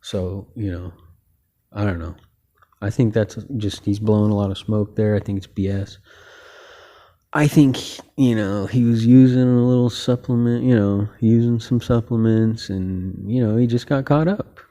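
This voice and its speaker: A man hosts a loose, one-person sports chat, wandering from point to point and leaning on filler words. His voice sits a little low, with a dark, mellow tone. He comes across as relaxed and opinionated. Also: moderate pace. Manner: rambling, heavy on filler words like "you know". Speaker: host. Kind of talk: casual boxing talk monologue.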